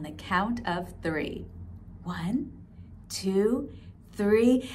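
A woman's voice: mid-range voice, lively intonation, drawn-out words, long pauses. A woman librarian leading a storytime rhyme for young children, coaxing and sing-song.

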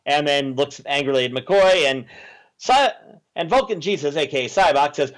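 A man hosts a casual movie review chat, sarcastic and scornful of the plot. His voice sits high for a man. He keeps mocking the characters as he goes. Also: expressive, moderate pace, a bit bright. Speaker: podcast host.

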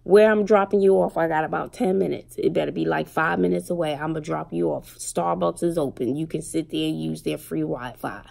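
A middle-aged woman and mother chatting casually to her viewers, telling stories with slang and animated retellings. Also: sits low, a little fast, gravelly, few pauses. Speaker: vlogger and single mother. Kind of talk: casual chat to camera.

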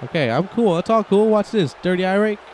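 A young man commentating his own wrestling video game, excitable and joking, swearing often. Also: high voice, fairly quick, a little hiss or hum. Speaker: gaming channel host. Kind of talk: casual gameplay commentary.

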